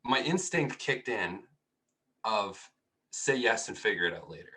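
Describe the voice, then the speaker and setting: A man's voice: fairly low pitch, expressive, measured pace, pushed and bright. A young man giving a casual, chatty talk, telling a personal story with many restarts. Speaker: speaker.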